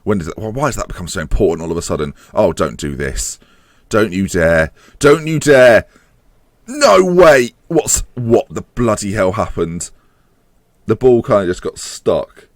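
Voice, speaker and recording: A man giving excitable live commentary while playing a football management game, groaning and swearing at the match, his voice climbing higher as chances come near. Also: normal speed, dry recording, studio quality. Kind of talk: live let's-play commentary.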